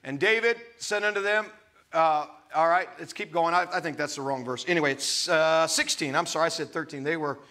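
A man's voice: fairly high pitch, fairly quick, sharp tone. A man preaching a sermon, reading scripture aloud and breaking off into emphatic, conversational asides to his listeners.

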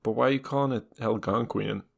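A man's voice: fairly low pitch, fast, creaky, darkish tone, breathy edge. A man cohosting a casual comedic podcast who needles the host with skeptical questions.

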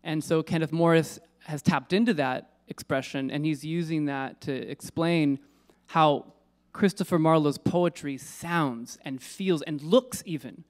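With a fairly high pitch, an unhurried pace and hardly any pauses, a man gives an informal lecture on poetry in a lecture room. He muses casually, restarting frequently and questioning his audience with asides.

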